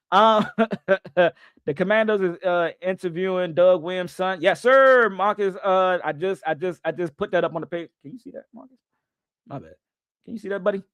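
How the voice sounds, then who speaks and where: A man's voice: high voice, no room sound. A man hosting a live sports reaction stream, chatting loosely with viewers and joking as he goes. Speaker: livestream sports host.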